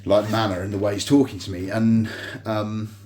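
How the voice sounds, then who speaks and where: A man's voice: lowish voice, little pitch movement, moderate pace, darkish tone, a little hiss or hum. A man in a hospital room, rambling through a personal story to a phone on a tripod, full of fillers and restarts. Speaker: vlogger recounting a personal grievance. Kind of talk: rambling monologue to camera.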